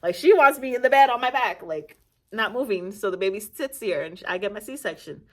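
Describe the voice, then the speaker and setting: A woman's voice: medium pitch, fairly quick. A young adult woman from Nigeria, casually telling a personal story on her channel, laughing often and acting out what people said. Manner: animated, laughing often, acting out quoted voices. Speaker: vlogger.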